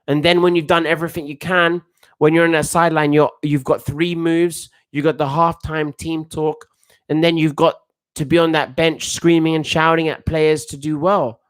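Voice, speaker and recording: A man's voice: on the high side, moderate pace, clean tone. A man giving a casual, rambling live reaction to a football match as a coach, full of restarts and slang. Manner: excitable, rambling, with frequent restarts and slang like "bruv".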